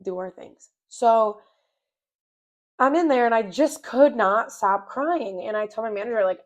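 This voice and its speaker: A woman's voice: on the high side, normal speed. A young adult woman hosting a podcast, telling a personal story in a candid, rambling way with self-mocking humor. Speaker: podcast host. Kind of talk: casual personal storytelling monologue.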